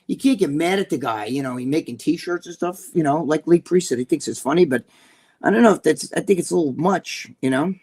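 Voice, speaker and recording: High-voiced profane New Jersey man. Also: fairly quick, darkish tone, slightly rough. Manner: blunt, profane, rambling with many fillers. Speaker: bodybuilding personality, co-host. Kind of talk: casual chat.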